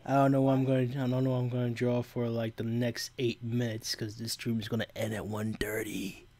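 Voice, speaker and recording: A man's voice: mid-range voice, flat delivery, fairly quick, a little mellow. A young man streaming, chatting casually in a playful, drawling, clowning way. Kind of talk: casual chat.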